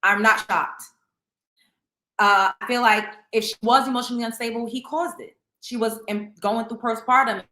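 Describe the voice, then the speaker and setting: A woman's voice: a little high, steady tone, normal speed, bright, forceful tone. Emphatic woman host in an echoey room. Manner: emphatic, opinionated, repeats herself for stress. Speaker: show host. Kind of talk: casual celebrity gossip commentary. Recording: roomy echo.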